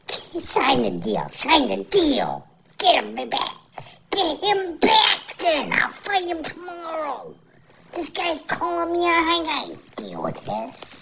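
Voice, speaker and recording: A woman plays an indignant male fighter who wants no part of a challenger, his voice pushed up high and ranting. The sound is dull and lo-fi. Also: gravelly, heavily acted. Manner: exasperated, dismissive rant. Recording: dull lo-fi recording.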